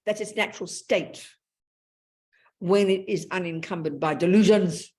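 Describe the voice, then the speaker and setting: An older woman with an Australian accent gives a dharma talk. She teaches in a frank, earthy, animated manner, full of everyday slang. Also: fairly low pitch, a little slow. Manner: blunt, animated, colloquial. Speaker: Buddhist teacher.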